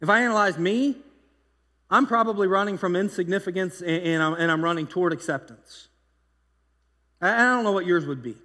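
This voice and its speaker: A pastor preaching a sermon in a loose, conversational way, telling stories with lively energy and frequent restarts. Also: male voice, high voice, fairly quick, long pauses, long reverb tail. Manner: conversational, animated storytelling with repeated restarts.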